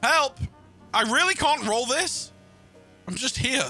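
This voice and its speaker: Bright, high-voiced young man. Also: animated, takes it slowly, faint music behind. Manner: crude joking, playful. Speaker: gamer. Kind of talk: casual gaming banter.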